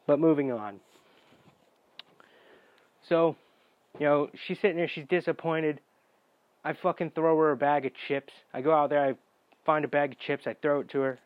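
A young man telling a story in a casual, profane rant. He sounds exasperated and now and then bursts into shouting. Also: a little high, steady tone, moderate pace, long pauses, dry recording, dull audio.

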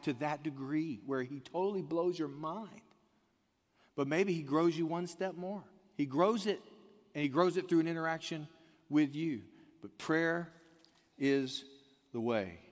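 A man preaching a sermon, telling a story in a conversational way and calling out to the congregation. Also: a little high. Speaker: pastor. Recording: long hall reverb.

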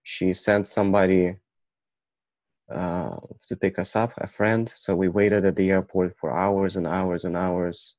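Slow, low-voiced man telling his story. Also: steady tone, a little mellow, no room sound. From Ukraine. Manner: halting, with many restarts. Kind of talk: personal storytelling. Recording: dull, muffled recording.

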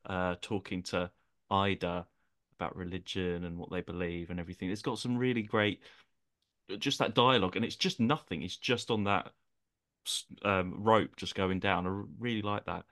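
A man's voice: low-pitched, steady tone, normal speed, fairly bright tone. A man co-hosting a podcast, sharing his opinion in an enthusiastic, rambling way with lots of fillers. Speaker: podcast co-host. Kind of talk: casual chat, giving his opinion.

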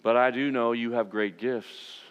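A man's voice: mid-range voice, steady tone, measured pace, clear, resonant tone. A male pastor preaching a sermon, emphatic and at times impassioned. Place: church sanctuary. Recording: long hall reverb in a church sanctuary.

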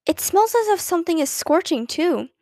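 A woman voicing a patient but weary mother who speaks calmly to her daughters. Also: very high voice, normal speed, dry recording, studio quality, pitched above the performer's own voice, heavily acted. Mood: anxious. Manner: calm, patient.

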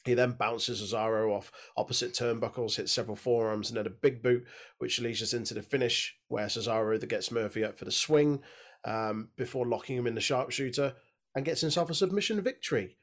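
A man hosting a casual podcast, recapping a wrestling show with lots of swearing and high laughing outbursts, on a desk mic with headphones. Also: a little fast. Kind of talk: casual chat.

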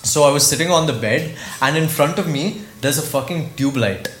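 A young man, a podcast guest telling a story in casual chat, animated, swearing a lot and acting out his parents' lines. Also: on the high side, fairly quick. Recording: echoey room with faint noise.

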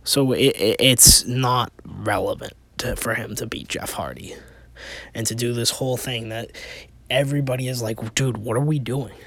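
A man's voice: mid-range voice, normal speed, vocal fry, pushed and bright, a little hiss or hum. A man hosting a casual opinion podcast, rambling with restarts and rhetorical questions, sounding exasperated. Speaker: podcast host.

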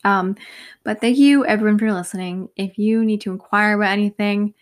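A woman's voice: medium pitch, fairly even intonation, a little fast. A young woman in her twenties hosting a casual solo podcast, tired and yawning, rambling with many fillers. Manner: rambling, filler-heavy, lots of "like". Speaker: podcast host.

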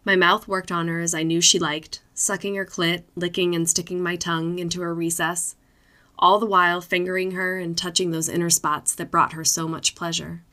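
A woman reading adult fiction aloud, in steady, unhurried narration. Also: fairly low pitch.

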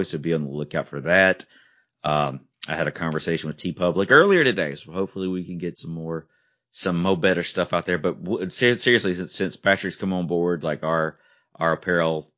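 A man's voice: sits low, fairly bright tone. A man hosting a podcast in casual chat, upbeat and often tripping over his words. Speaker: podcast host. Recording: dull lo-fi podcast audio.

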